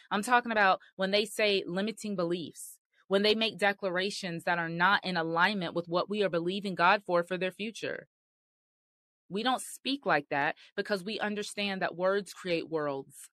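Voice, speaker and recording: A woman's voice: medium pitch, fairly bright tone, dry recording. Earnest woman preaching in a dry close voice. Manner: earnest, emphatic, conversational preaching. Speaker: marriage podcast host. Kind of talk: sermon-style teaching.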